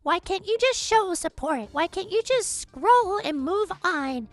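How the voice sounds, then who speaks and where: A shrill, nagging online critic, as a woman mocks her, squeals out question after question in a very high, bouncing voice. The sound is dry and close, with no room around it. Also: lively intonation, dry recording, soft background music. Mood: whiny. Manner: nagging, mocking, rapid-fire questions. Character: whiny scolding female online critic.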